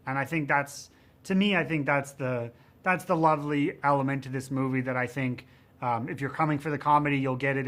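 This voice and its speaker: Rambling male film director, animated. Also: mid-range voice. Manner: rambling, frequent "you know what I mean" and "um"; gets animated and louder telling set stories. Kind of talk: promotional interview.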